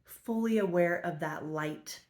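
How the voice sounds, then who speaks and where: Woman going thru a spiritual book out loud, earnest, kinda low voice, repeats the big lines slow. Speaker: spiritual study teacher. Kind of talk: reading and explaining a spiritual text.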